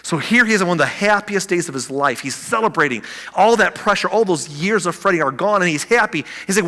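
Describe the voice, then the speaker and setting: A man preaching a sermon as pastor, animated, acting out the people in the story with big swings in loudness. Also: a little high, fast talker, big-room sound.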